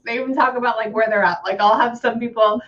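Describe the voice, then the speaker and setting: A woman's voice: on the high side, fairly even intonation, fast, highs cut off, a crowd in the background. A woman working as a psychic medium, chatting casually and saying "hang on" often while she passes on messages. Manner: chatty, repeats "hang on", relays quotes. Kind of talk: casual reading session.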